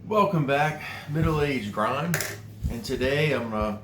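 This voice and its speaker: A man's voice: medium pitch, a little slow, roomy sound, background noise. A middle-aged man telling a personal story in a casual vlog, earnest and emotional, rambling with fillers. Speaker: vlogger.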